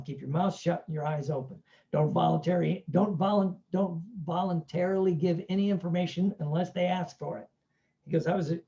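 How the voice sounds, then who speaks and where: A slightly high but dark-toned man, captured on dull-sounding audio, gives a relaxed self-help talk. He tells his stories chattily, keeps tossing in "right?", and performs the voices of people he quotes.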